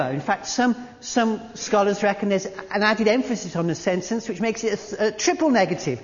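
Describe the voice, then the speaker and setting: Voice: medium pitch, brisk. Preacher, sermon, storytelling, long church echo, muffled lo-fi sound. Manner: storytelling, animated then quiet and intimate. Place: church service.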